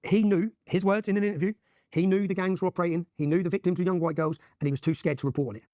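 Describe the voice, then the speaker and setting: A man in his forties with an English accent, pouring out his account at a breakneck pace. His voice sits somewhat high for a man and stays emphatic throughout, with frequent "yeah?" tags. The sound is close and dry. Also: steady tone, racing, darkish tone, no room sound. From England. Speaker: interview guest. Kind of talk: impassioned storytelling in a podcast interview.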